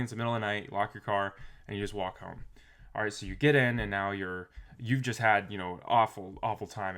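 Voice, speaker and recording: A man talking casually to camera in a motivational vlog, reflective and rambling, with restarts and soft trailing phrases. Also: lowish voice. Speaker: motivational vlogger.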